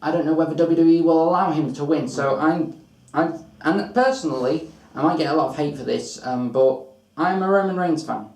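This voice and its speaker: Male co-host, earnest hedging debater, slightly high voice, echoey room. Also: a little fast, gravelly, darkish tone. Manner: earnest, hedging with ums, talks over his partner. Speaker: co-host of a wrestling predictions channel. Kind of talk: casual debate.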